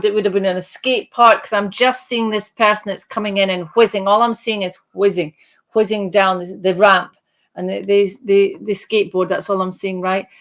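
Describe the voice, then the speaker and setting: A woman medium giving a live streamed reading, speaking haltingly, repeating and restarting phrases, and addressing the sitter by name. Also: mid-range voice. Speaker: psychic medium.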